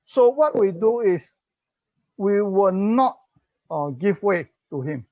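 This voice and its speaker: Slow Singaporean English speaker on parenting. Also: mid-range voice, lively intonation, no room sound. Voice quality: slow explaining, mixes in Chinese phrases. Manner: acts out parent-child dialogue, chuckles often. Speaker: parenting talk guest speaker. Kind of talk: parenting talk. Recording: dull, muffled recording.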